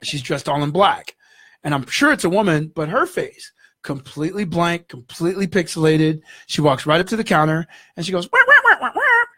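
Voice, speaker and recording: A man, a guest in an interview, telling a story in an animated way and acting out the voices in it. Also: a little high, moderate pace, dry recording, studio quality. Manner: animated, acts out dialogue in the story.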